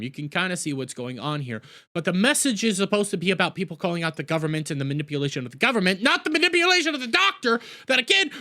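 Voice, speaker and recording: A man's voice: on the high side, sharp tone. A man casually recapping and reviewing a TV episode, rambling and sarcastic, openly exasperated.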